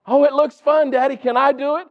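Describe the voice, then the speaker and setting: Man doing a young daughter, whiny, pleading, very high pitch, dull lo-fi sound. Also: flat delivery, fairly quick. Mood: eager.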